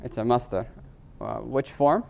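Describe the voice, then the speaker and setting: A male teacher lecturing a class on grammar, quizzing the students often and slowing down to spell out foreign terms. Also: medium pitch, creaky, a little mellow. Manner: quizzes students with frequent rhetorical "right?"; slows to spell out Arabic terms.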